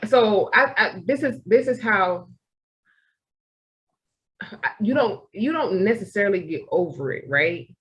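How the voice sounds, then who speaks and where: A young woman, co-hosting a podcast in casual chat, animated and acting out her own inner voice. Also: mid-range voice, slow, long pauses, poor audio. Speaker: podcast co-host.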